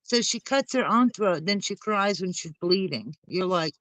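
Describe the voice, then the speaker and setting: A woman talking in a loose, rambling way, blunt and unfiltered, with the odd curse word. Her voice sits at an ordinary middle pitch. The sound is dry, with no room echo. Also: animated, normal speed, a bit bright. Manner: rambling, blunt, swears freely. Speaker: channel co-host. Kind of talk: casual chat.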